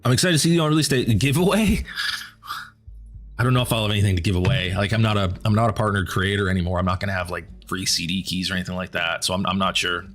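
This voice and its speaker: A man streaming a game and chatting casually with viewers, rambling and repeating words as he thinks aloud, his voice going hoarse. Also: sits low, fast talker, fairly bright tone, soft background music. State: losing his voice.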